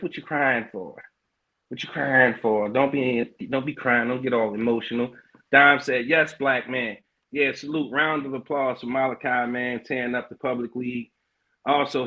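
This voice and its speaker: A middle-aged man hosting a podcast livestream in casual chat, loose and hyped, with lots of slang, fillers and quick laughs. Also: medium pitch, steady tone, dull audio. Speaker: podcast host.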